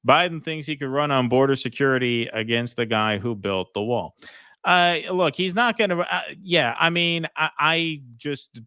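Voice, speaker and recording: Bright-voiced man hosting a livestream. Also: a little high, normal speed, smooth, no room sound, clean studio sound. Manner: chatty, thanks donors, many ums and restarts. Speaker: host reading viewer super chats. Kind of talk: casual political livestream chat.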